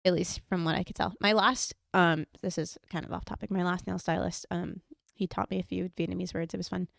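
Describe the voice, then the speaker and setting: A woman's voice: on the low side, flat delivery, a little fast, vocal fry, a bit bright, dry recording, studio quality. A young woman co-hosting a podcast, telling a story in a rambling casual way, full of "like". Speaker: podcast co-host. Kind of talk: casual chat.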